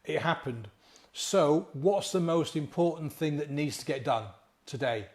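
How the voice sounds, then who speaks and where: A man, a life coach giving a chatty, animated motivational talk to camera and acting out inner voices along the way. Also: fairly high pitch, unhurried.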